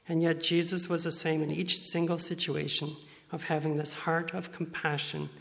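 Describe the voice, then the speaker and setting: A man's voice: on the high side, creaky, fairly bright tone, long reverb tail. A man delivering a sermon as a pastor, earnest, sometimes acting out quoted voices.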